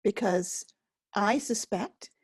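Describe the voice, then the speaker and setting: A woman teaching a guided self-help lesson, speaking gently and slowly with many pauses. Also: medium pitch, slightly rough, dry recording, clean studio sound. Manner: gentle, slow and pausing, speaks as if to a listener. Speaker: focusing teacher.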